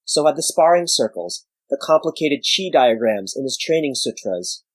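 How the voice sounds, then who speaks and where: A man giving measured scripted narration of a story. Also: mid-range voice, big pitch swings, husky, no echo, low-quality recording.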